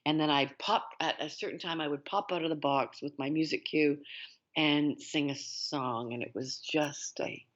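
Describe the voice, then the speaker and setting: A middle-aged Canadian woman, an actress, telling lively stories in a casual interview and laughing often. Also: low-pitched, normal speed. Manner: animated storyteller, laughs often. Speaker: actress guest. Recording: dull lo-fi sound.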